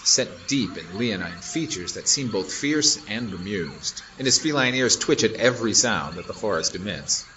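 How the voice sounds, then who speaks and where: A man's voice: on the low side, bright, forceful tone, slight background noise, rough recording. A man voicing a polite young chronicler who narrates in an audio drama, wry and formal.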